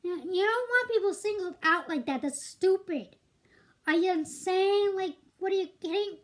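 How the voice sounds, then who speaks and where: A woman's voice: very high-pitched, lively intonation, moderate pace. A young woman ranting bluntly on a commentary vlog, exasperated and swearing. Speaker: YouTube commentator.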